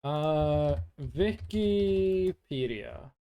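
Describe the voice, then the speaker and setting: A man's voice: fairly high pitch, expressive, drawn-out words, muffled recording. A man from Norway, chatting casually with his stream chat in a playful, rambling, teasing way.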